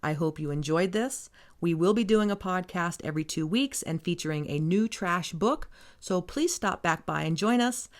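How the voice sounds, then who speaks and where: A woman hosts a casual podcast, recapping a trashy book in a rambling, sarcastic tone. She swears freely and talks in a somewhat low voice. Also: expressive, normal speed. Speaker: podcast host.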